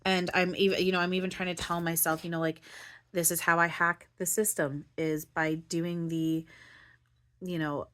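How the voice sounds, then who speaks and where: A woman with a low voice talks through her feelings in a loose, rambling monologue. She keeps restarting her sentences and leans on "like" and "you know". Her voice sounds close to tears. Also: flat delivery, normal speed, fairly bright tone. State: near tears, voice breaking. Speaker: spiritual channeler and vlogger.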